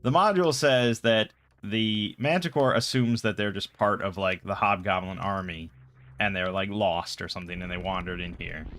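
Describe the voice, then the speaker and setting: A man's voice: low-pitched, steady tone, normal speed, fairly bright tone. A man hosting a casual chat show, retelling a game session in a rambling, exasperated way. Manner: rambling, exasperated storytelling with many fillers. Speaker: podcast host.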